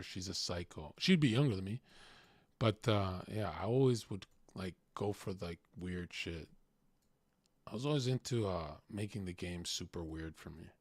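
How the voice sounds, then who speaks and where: A man's voice: fairly low pitch, no echo, clean studio sound. Crude, rambling man telling stories. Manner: crude, rambling, swings loud to mumbled asides. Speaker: podcast host. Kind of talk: casual storytelling monologue.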